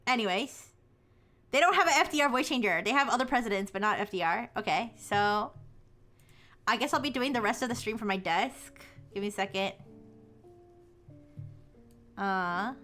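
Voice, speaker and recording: A woman's voice: medium pitch, pushed and bright. A young woman VTuber chatting casually on a live stream, giggly and rambling. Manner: giggly, rambling, self-mocking.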